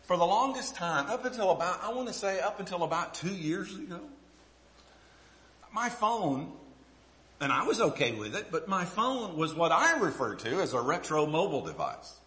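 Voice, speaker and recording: Middle-aged man, pastor, folksy self-deprecating sermon, high bright voice, lively, echoey room. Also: normal speed.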